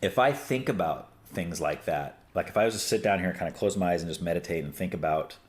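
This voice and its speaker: A middle-aged man with a lowish voice tells stories in a relaxed, rambling way. He uses plenty of fillers and restarts, and he slips into other people's voices when he quotes them. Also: fast. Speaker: podcast host. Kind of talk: casual conversation.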